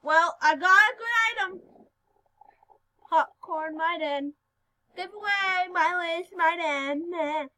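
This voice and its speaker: Squeaky girl voice, slow chatty gameplay talk, giggly, random loud yells. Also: rough recording. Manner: giggly and excitable, with sudden loud outbursts. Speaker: gaming video host. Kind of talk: casual gameplay commentary.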